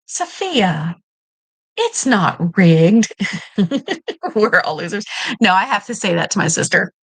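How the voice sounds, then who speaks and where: A woman's voice: medium pitch, very animated, takes it slowly, breathy edge, dry recording, low-quality recording. Woman, Kentucky accent, trivia host, teasing, laughs often, dry sound. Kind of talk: live-stream trivia hosting.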